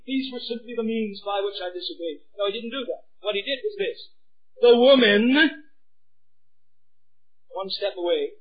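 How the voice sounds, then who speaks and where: A middle-aged man preaching a sermon, swinging from hushed pleading to shouting. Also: sits high, normal speed, breathy edge, lo-fi sound.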